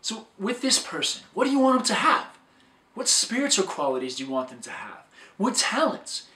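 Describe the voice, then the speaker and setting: A man's voice: high-pitched, sing-song, moderate pace, bright, forceful tone, recorded from a distance. A man giving an upbeat, scripted talk as a dating coach, recorded in an echoey room a little way from the microphone.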